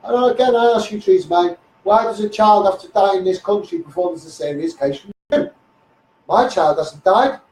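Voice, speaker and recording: A man's voice: high-pitched, normal speed, a little mellow, distant mic, slight background noise. Combative Liverpool man ranting, echoey. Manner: blunt, combative, swearing, addressing officials directly. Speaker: social media campaigner. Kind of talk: angry Facebook Live rant.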